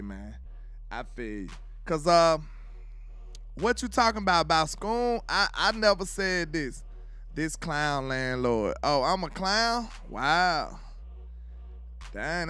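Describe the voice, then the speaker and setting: A man's voice: fairly high pitch, sharp tone. A man from Alabama with a Southern accent hosts casual sports commentary, loose and trash-talking, forever asking if you know what he's saying.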